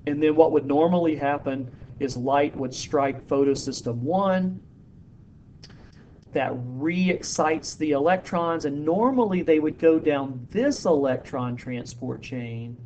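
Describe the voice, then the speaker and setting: Slow, patient male biology teacher. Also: a little high, darkish tone, dull audio, a little hiss or hum. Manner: slow, explanatory, posing questions to students; uses fillers like um and uh. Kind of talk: recorded classroom lecture.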